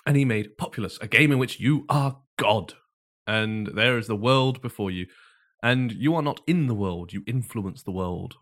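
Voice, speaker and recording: A man's voice: fairly low pitch, normal speed, fairly bright tone. A man co-hosting a podcast, telling the story in a casual chat and often laughing as he goes. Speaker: podcast co-host.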